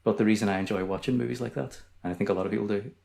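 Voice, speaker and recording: A man with a Northern Irish accent, a podcast guest explaining his opinion in a calm, soothing voice. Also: fairly low pitch, rapid-fire, creaky. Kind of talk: casual chat.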